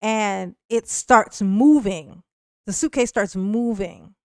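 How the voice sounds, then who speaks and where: A woman hosting a livestream tells a long story to her chat, laughing often and restarting her sentences. Her voice is smooth and clear. It sounds close and dry, with no room echo. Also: medium pitch, slow. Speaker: livestream host. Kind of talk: casual storytelling to a live chat.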